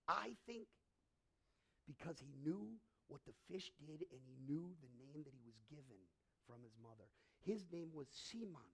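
A male pastor preaching a sermon in a church, telling stories in an animated way and often restarting his sentences. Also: on the high side, unhurried, vocal fry, slightly rough. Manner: animated storytelling, frequent restarts.

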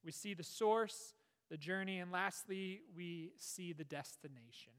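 A man preaching a sermon, earnest, with rises and falls and hushed, prayerful passages. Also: sits high, a little slow, smooth. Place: church. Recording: long reverb of a hall.

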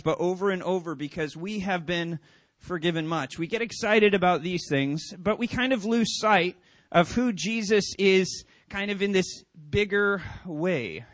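A man preaching as pastor, telling a story with lively acted-out dialogue and then teaching. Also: sits high, moderate pace, no room sound. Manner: animated storyteller, acts out quoted voices. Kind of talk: sermon.

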